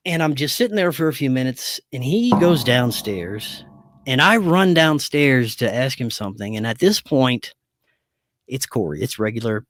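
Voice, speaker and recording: Male podcast guest telling a personal story, animated, voices the dialogue, dead dry room. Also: mid-range voice, moderate pace, no echo. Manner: animated, acts out quoted dialogue. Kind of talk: casual storytelling.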